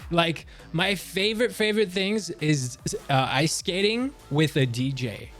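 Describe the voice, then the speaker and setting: Animated young man chatting on a livestream. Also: a little high, a little slow, faint music behind. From Canada, near Montreal. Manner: animated and joking, voice jumping up in surprise. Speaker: livestream streamer. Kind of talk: casual livestream chat, reading out chat messages.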